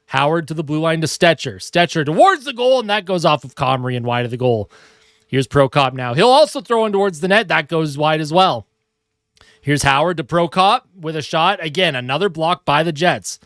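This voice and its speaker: A man's voice: fairly high pitch, expressive, normal speed, fairly bright tone, dry recording, studio quality. A man doing live hockey play-by-play from home in a casual, chatty way, with asides to viewers. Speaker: hockey stream host. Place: home room.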